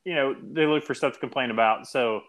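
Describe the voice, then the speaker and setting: A man co-hosting a casual wrestling talk show, animated and quick to laugh. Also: medium pitch. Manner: animated, laughs often, repeats words. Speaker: podcast co-host.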